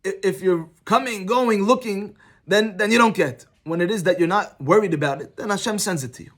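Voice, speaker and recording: A middle-aged rabbi with a high-pitched voice talks fast as he leads an informal Torah class. He teaches through personal stories, keeping things conversational and animated.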